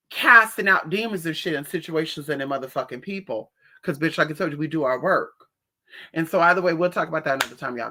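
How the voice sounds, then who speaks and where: Sassy woman chatting on a livestream. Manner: sassy, animated storytelling with big pitch jumps when quoting people. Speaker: livestream host. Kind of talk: casual livestream chat.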